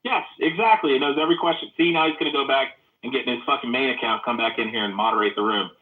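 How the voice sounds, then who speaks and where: A man's voice: medium pitch, very fast, reverberant. Profane rambling man on a phone-like line. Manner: profane, rambling, animated storytelling. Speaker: participant in a live audio chat room. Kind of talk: heated casual debate. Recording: phone-like narrow audio.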